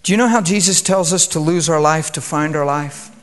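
A preacher leads a sermon in a hushed, reverent way, calm and subdued, drifting in and out of prayer. His voice sits a little higher than most men's, and he speaks fairly quickly.

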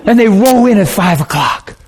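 A man preaching in a lively storytelling manner. His voice sits fairly high for a man, and now and then he drops to a near hush. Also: moderate pace, heavy background noise. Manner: animated, shifts into hushed tones. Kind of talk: storytelling sermon.

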